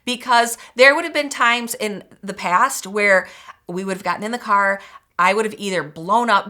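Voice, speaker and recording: A woman co-hosts a podcast in relaxed conversation. Her tone is bright and forceful, and she talks in an animated, expressive way. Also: mid-range voice, measured pace. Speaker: podcast co-host. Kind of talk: casual chat.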